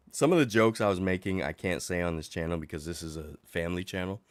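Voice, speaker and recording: A middle-aged man, sick and coughing, ranting in a casual livestream chat, sarcastic and animated. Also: sits low, a little fast, no room sound. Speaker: livestream host.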